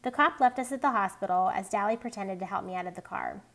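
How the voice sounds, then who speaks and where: A woman reading a novel aloud in a steady, plain storytelling manner. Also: medium pitch, quick pace. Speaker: reader.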